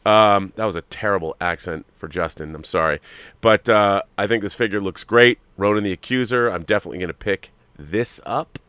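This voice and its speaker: Guy hosting a toy chat show, smooth clear voice, dry close sound, lots of uhs. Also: fairly low pitch, fairly quick, fairly bright tone, no room sound. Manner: musing, hesitant, lots of fillers. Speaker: host. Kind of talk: casual chat reviewing collectible figures.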